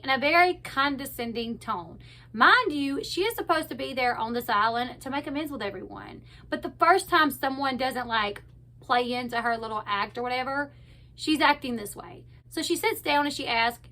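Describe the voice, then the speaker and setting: A woman's voice: sits high, expressive, bright, forceful tone. A woman giving a casual, chatty recap commentary of a reality show, retelling scenes and quoting what people said. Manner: chatty, retells scenes with quoted lines in a quick loose flow.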